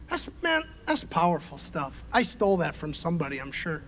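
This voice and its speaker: A middle-aged male pastor preaching a sermon, emphatic, swinging from shouted peaks to quiet conversational asides. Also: fairly high pitch, very animated, brisk, a little hiss or hum. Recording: long hall reverb.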